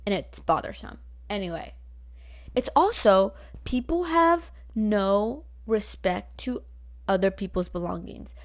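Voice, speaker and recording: A woman's voice: mid-range voice, expressive, a little slow. A nineteen-year-old woman from Northern California, ranting bluntly at home into her laptop mic, swearing freely and filling her talk with likes and rights. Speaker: vlogger. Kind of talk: casual ranting storytime. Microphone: laptop built-in mic.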